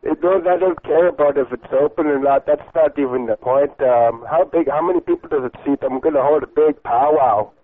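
A man's voice: on the high side, fairly quick, few pauses, dry recording. A man with a slightly raised voice rambles through a prank call, crude and mock-polite, stalling with fillers. His voice comes through a thin, phone-like channel. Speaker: prank caller. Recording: tinny phone-like line.

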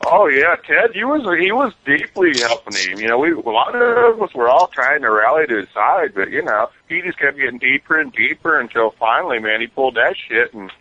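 Man, radio caller; loose slangy storytelling, bright tone, muffled lo-fi audio. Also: mid-range voice, big pitch swings, fairly quick, few pauses, a little hiss or hum. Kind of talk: casual radio chat. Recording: dull lo-fi line.

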